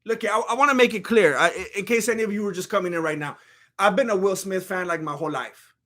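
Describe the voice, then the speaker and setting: A man hosting comedic commentary and a sponsor read, talking animatedly and stammering through restarts, jumping between loud outbursts and low mutters. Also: fast talker. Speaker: host.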